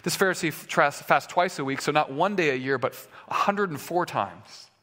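A man's voice: on the high side, expressive, normal speed, bright, forceful tone. Man preaching in a reverberant hall. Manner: conversational, with filler words and restarts. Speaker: pastor. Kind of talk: sermon.

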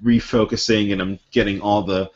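A man's voice: lowish voice, fairly even intonation, moderate pace. A man, an actor and writer, chatting casually on a podcast and acting out comic scenes with many fillers. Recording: muffled lo-fi podcast audio.

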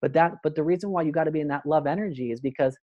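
A man's voice: fairly high pitch, racing, dry recording, highs cut off. Earnest man talking in a dry room. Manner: earnest, animated, acts out voices in quotes. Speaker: podcast guest. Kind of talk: spiritual conversation.

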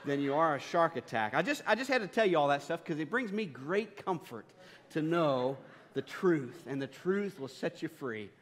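A man's voice: fairly high pitch, expressive, moderate pace, in a large hall. A man, a pastor, preaching a sermon with humorous, self-deprecating stories.

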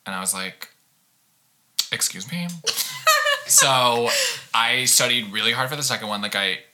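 A woman's voice: rumbling low, moderate pace, pushed and bright. A woman in her twenties chatting casually as a podcast co-host, teasing and playful, laughing easily. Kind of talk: casual chat.

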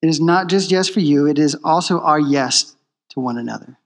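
A man's voice: fairly high pitch, normal speed, big-room sound. A man preaching a sermon in a church, emphatic and repeating his key phrases. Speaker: pastor.

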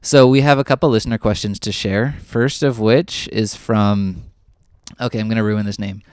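In a studio-quality, dry recording, a podcast co-host talks casually with a low-leaning, clear, resonant voice. His intonation stays fairly even at a moderate pace while he rambles eagerly, poking a bit of fun at himself.

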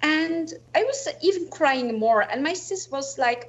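A woman's voice: high voice, expressive, a little slow, highs cut off. A woman in her forties, a guest telling a personal story in earnest, reflective talk full of "you know, like". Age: 40s. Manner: earnest, reflective, slightly non-native phrasing with "you know, like".

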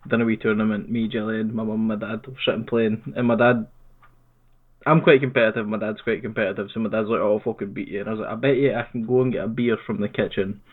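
A man's voice: fairly low pitch, quick pace. Scottish man over a tinny line. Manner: relaxed, sweary, wry. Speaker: podcast co-host. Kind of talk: casual storytelling chat.

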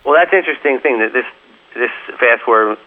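A guest musician in a casual interview tells long, rambling anecdotes packed with "you know", acting out the voices of the people he quotes. His medium-pitched voice is fast, and the audio sounds narrow and tinny.

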